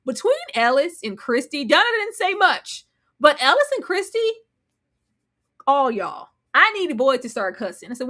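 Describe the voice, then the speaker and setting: A bright, lively woman, chatting through a live TV recap. Her voice is pitched a little high and swings widely as she acts out the characters' lines and laughs between them. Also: normal speed. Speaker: podcast co-host. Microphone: home mic, live stream.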